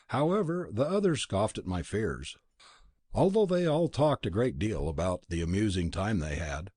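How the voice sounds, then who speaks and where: A man reading a novel aloud as an audiobook narrator, expressive and dropping low on the speech tags. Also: breathy edge, dry recording, clean studio sound. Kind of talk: scripted narration.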